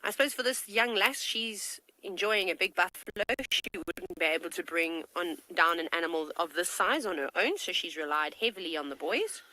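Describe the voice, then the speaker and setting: A woman presenting a live wildlife broadcast, chatting warmly and enthusiastically about lions feeding. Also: fairly low pitch, no echo, poor audio.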